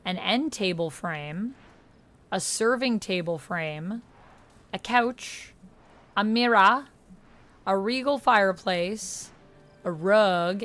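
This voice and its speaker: Brief: woman streamer, casual running commentary through game menus, mid-pitched, faint game music under her. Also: fairly bright tone. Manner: reads menu options aloud, chats with viewers. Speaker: streamer playing a video game.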